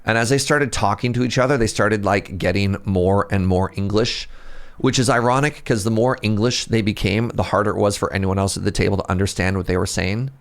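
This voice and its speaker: A man's voice: lowish voice, fairly even intonation, brisk. A man with a Canadian Pacific Northwest accent, chatting casually with viewers as he streams a fishing game, rambling and laughing often. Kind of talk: casual livestream chat with viewers.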